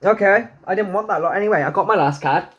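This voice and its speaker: A man's voice: fast talker, lo-fi sound. A man giving a casual tarot reading to camera, swearing freely and joking with himself. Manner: chatty, swears freely, jokes to himself, talks back to the universe; lively pitch, swoops high into silly put-on voices. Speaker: tarot and numerology reader.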